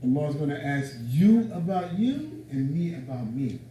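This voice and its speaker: High-voiced man preaching emphatically. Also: very animated, measured pace, warm tone, slight background noise. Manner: emphatic, conversational preaching with casual slang. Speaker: religious teacher. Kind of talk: live lecture to a room. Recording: echoey room, voice from a distance.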